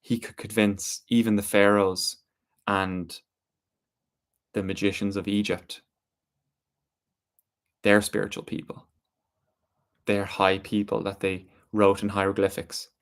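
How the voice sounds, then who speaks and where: Low, even-voiced male storyteller. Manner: slow, deliberate, with drawn-out pauses. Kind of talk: spoken storytelling.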